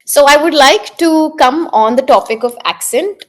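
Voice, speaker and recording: A woman from India with a slightly high voice, answering interview questions as an English exam coach. She explains step by step and briskly, often adding tag questions like "right?" to check in. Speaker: IELTS instructor and communication coach.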